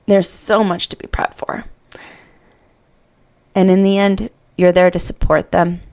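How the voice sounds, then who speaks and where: A woman's voice: lowish voice, darkish tone. A middle-aged woman hosting a parenting podcast, speaking unscripted and earnestly, often repeating herself as she searches for words. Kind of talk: unscripted heartfelt podcast monologue.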